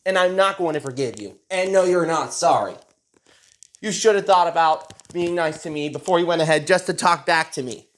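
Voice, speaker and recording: A man's voice: fairly high pitch, normal speed, close to an everyday voice. Angry cartoon sponge, as a man puts him on. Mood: scolding. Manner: scolding, indignant. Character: crying, furious cartoon sea sponge.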